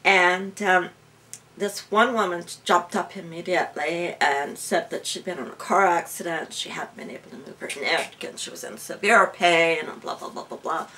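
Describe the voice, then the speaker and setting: A woman's voice: lowish voice, normal speed, pushed and bright. A woman guest, a healer and medium, telling her story in an interview and laughing often.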